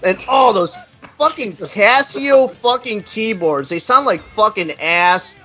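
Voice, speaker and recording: A man's voice: high-pitched, lively intonation, takes it slowly, bright, forceful tone, faint music behind. A man ranting crudely and mockingly while reviewing an album in casual podcast chat. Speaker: podcast co-host.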